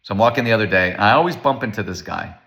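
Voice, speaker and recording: A man giving a casual Torah lecture, animated and storytelling, acting out the voices of the people in his stories. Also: fairly low pitch, racing, creaky.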